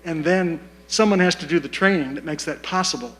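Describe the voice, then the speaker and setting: Man, community forum speaker, slightly high voice, deliberate and measured. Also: a bit bright, soft background music, rough recording. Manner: measured, deliberate, repeats key points. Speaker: community meeting participant. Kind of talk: public comment at a community forum. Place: meeting room.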